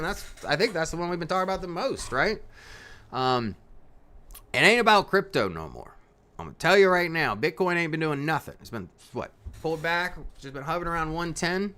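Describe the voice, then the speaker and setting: A man hosts a live market stream and talks in a loose, folksy way, laughing often and tossing in "right?" at the end of his points. His voice sits fairly high for a man and jumps around a lot in pitch. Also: pushed and bright. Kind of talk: casual live market commentary.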